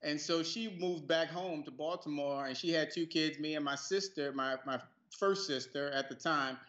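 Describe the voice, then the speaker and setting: A man from New York City, a guest actor telling stories in a relaxed, casual interview, often laughing. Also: fairly high pitch, normal speed, roomy sound, dull audio. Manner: laid-back, laughing storyteller.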